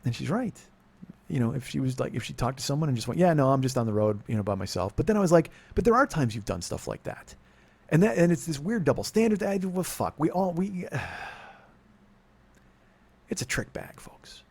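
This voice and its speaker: A man's voice: a little high, lively intonation, fast talker, creaky, a little mellow, husky. A middle-aged man from California telling a long personal story, rambling and profane, often cutting himself off mid-sentence. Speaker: podcast host. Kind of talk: confessional monologue.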